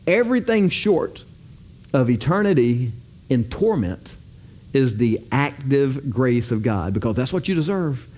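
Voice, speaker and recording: Animated preacher with a lively voice. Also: male voice, medium pitch, a little slow. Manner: casual, joking, colloquial preaching. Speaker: pastor. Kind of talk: sermon.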